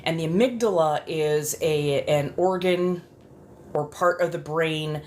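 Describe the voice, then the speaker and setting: Low-voiced woman in soft ASMR chat. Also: unhurried, a little hiss or hum. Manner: chatty, rambling, casual. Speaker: ASMR creator.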